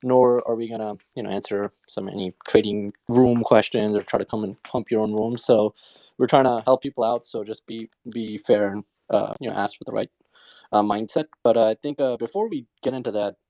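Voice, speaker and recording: Brief: a male host with a lowish voice, easygoing and hedging, recorded dry and close. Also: mellow, no room sound. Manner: easygoing, hedges with "I think" and "uh". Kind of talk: casual audio-chat hosting.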